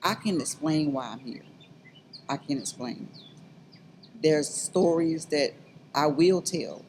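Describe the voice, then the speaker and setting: A middle-aged woman, telling her story as an interview guest in earnest, halting speech that builds to fervent urging. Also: low voice, a little mellow, slight background noise, poor audio. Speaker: interview guest, abuse survivor. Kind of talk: emotional personal testimony.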